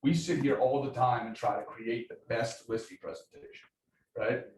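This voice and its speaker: A man's voice: medium pitch, normal speed, a little mellow. Brief: man leading a workshop, upbeat coaching tone, recorded from a distance in an echoey meeting room. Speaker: training session leader. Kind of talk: lively group training talk. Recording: roomy echo, distant mic, faint noise.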